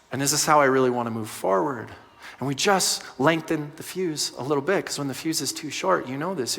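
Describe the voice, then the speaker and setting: A man's voice: on the high side, bright, forceful tone, long reverb tail. A man giving a conversational sermon as pastor, speaking directly to the room.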